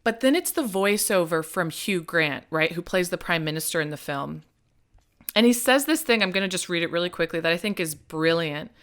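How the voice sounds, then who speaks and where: A woman from Nebraska co-hosting a podcast, chatting casually in an animated, emphatic way. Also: lowish voice, a little fast. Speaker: podcast co-host. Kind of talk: casual chat.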